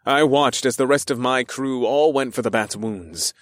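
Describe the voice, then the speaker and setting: A man's voice: medium pitch, moderate pace, dry recording. A man narrating a first-person fantasy audiobook with a dramatic, wry delivery on a close mic.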